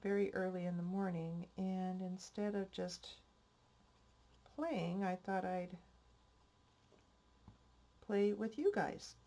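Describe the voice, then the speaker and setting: A woman's voice: mid-range voice, takes it slowly, pauses often, warm tone. An older woman hosting a crafting vlog, chatting in a rambling, homespun way, a bit stuffy-nosed. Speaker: crafting channel host. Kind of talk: casual crafting vlog chat.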